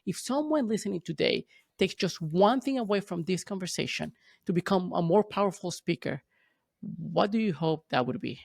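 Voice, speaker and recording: A man hosting a podcast interview, talking quickly with a slightly tumbling delivery and frequent restarts. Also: sits high, lively intonation, creaky, no room sound, studio quality. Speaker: podcast host. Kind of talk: conversational interview.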